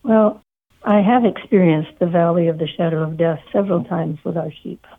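A woman, a shepherd and author, telling heartfelt stories gently as a guest in a radio interview. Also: lowish voice, moderate pace. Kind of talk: personal testimony in an interview. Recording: tinny phone line.

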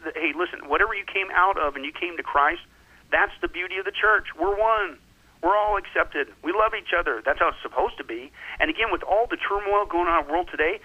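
A man preaches his stories in a hard, bright, cutting voice with a husky edge. He drives each point home, leans on the listener, and keeps checking that they are following. The sound is dull and lo-fi, like an old radio broadcast. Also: on the high side. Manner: emphatic, keeps saying "listen" and "right?". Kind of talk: animated preacher-style storytelling.

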